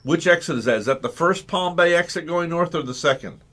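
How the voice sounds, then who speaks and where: A man's voice: a little high, expressive, fairly quick, bright, forceful tone. A man hosting a live call-in radio show, chatting with a caller in a folksy way and asking lots of questions. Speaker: radio talk show host.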